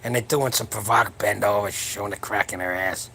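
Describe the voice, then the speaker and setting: Gravelly older man rambling crudely. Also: lowish voice, steady tone, fast, bright, forceful tone, a little hiss or hum. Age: 70s. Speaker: powerlifting channel host. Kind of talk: late-night livestream chat. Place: at home late at night with his wife asleep nearby.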